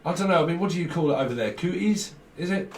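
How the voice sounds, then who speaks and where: Fast and expressive, a man with a fairly high voice rambles through a casual tarot reading, jumping between associations and chuckling often. The distant mic gives the recording a roomy feel and a faint hiss.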